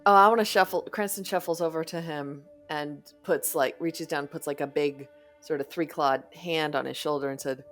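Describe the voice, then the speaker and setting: A woman's voice: low voice, fairly even intonation, normal speed, a bit bright, soft background music. A woman playing a tabletop game, casually describing her character's moves. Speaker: player.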